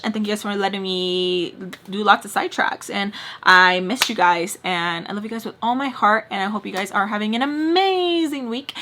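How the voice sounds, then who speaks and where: Woman in her 30s, storytime vlogger, bright voice, expressive and chatty. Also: mid-range voice. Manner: expressive, dramatic retelling with heavy "like" fillers. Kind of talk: casual storytime chat.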